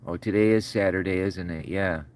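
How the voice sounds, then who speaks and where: A man's voice: deep voice, steady tone, normal speed. A middle-aged man hosting a casual livestream, rambling in a folksy way, choked up and calling viewers brother and sir. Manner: choked up, voice breaking. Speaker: livestream host.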